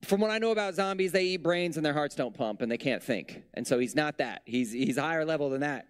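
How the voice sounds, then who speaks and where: A man preaches in a loose, conversational way, dropping in jokes and asides. His voice sits a touch high and rises and falls with emphasis. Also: fairly quick, clear, resonant tone. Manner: conversational, humorous asides, lively pitch swings. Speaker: pastor. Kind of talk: casual sermon.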